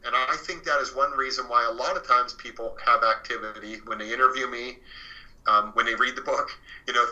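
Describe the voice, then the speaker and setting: Earnest bright-voiced man telling a story. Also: mid-range voice, highs cut off. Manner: earnest, many fillers and restarts. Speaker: author and interview guest. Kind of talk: storytelling in an interview.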